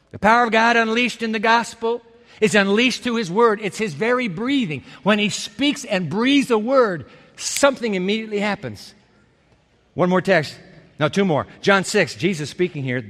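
Guy preaching, high voice, leans hard on words and repeats them, big hall echo. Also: moderate pace. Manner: emphatic, repeats key phrases, swings from quiet to loud. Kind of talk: sermon. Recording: hall reverb.

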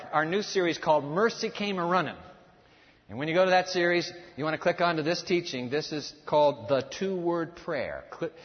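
A man preaching in a large church with a balcony, and his voice carries a long echo through the hall. He sits a little higher than most men and has a theatrical delivery, rising to loud exclamations and then dropping to hushed, low asides. The sound is slightly dull. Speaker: pastor. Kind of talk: sermon.

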